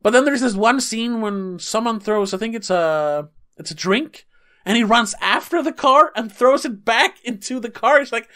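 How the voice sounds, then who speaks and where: A man co-hosts a film podcast in loose conversation. He talks with animated energy and drops the odd curse. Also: very high-pitched, normal speed. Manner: animated, swearing, acts out quotes. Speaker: podcast co-host. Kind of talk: casual film review chat.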